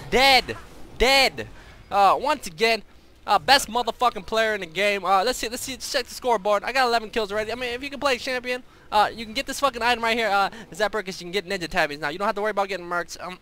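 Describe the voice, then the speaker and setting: A man's voice: high-pitched, pushed and bright. A young man giving brash, profane, boastful commentary over his own gameplay. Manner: brash, profane, trash-talking. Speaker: streamer. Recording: faint background noise.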